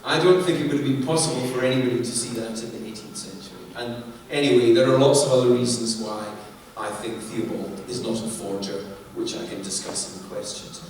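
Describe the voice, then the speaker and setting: A man giving an academic lecture at a university, animated and asking himself questions before answering them. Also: medium pitch, fairly quick. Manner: animated, asks and answers his own questions. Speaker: visiting professor lecturing on authorship. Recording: roomy hall, distant mic, faint ambience.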